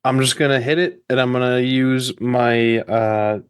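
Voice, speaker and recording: A man's voice: medium pitch, steady tone, a little slow, clean tone. Man player chatting through his dice rolls. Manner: casual, chatty self-talk while rolling dice. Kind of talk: in-game talk at a tabletop game.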